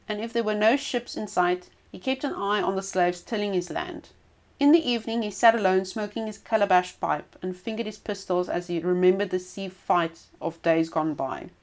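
A woman reading a folk tale aloud as storyteller, expressive with small stumbles and restarts. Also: medium pitch, normal speed.

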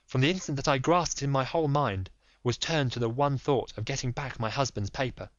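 A man reading the part of a frightened young noblewoman confessing a secret, in a measured, earnest voice. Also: mid-range voice, dry recording, close to an everyday voice. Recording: dull dry recording.

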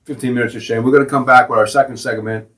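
A man's voice: medium pitch, fairly even intonation, very fast, fairly bright tone. A middle-aged man co-hosting a casual talk show, sarcastic and mocking, laughing at his own jokes. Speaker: co-host. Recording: voice from a distance off the mic.

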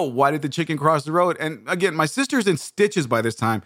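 A man telling a comedic story in a rambling, animated way, often restarting his sentences. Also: a little high, brisk, no room sound, clean studio sound. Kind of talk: comedic monologue.

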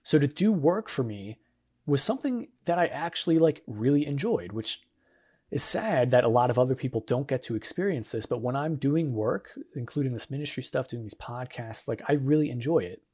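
Speaking at normal speed with an animated, medium-pitched voice that's a little mellow and husky, a young man hosts a casual devotional podcast. His monologue is earnest, encouraging and conversational.

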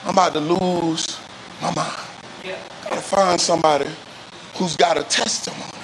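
A male pastor preaching a sermon with call-and-response, often rising into shouts and sung phrases. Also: fairly high pitch, fairly even intonation, normal speed, background noise. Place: church service.

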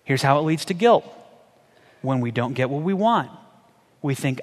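A man preaching a sermon as a pastor, conversational and animated, firing off rhetorical questions. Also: medium pitch, moderate pace, pauses often, in a large hall.

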